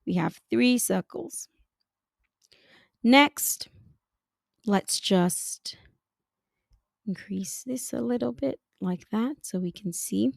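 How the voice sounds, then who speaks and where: A woman narrating a screen-recorded design tutorial, giving unhurried step-by-step instructions. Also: fairly high pitch, creaky, no room sound, studio quality.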